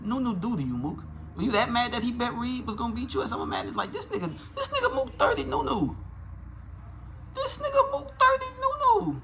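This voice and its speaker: A man giving a casual, profane, animated review of a rap battle, talking in slang and restarting his sentences often. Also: a little high, slight background noise. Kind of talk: casual commentary.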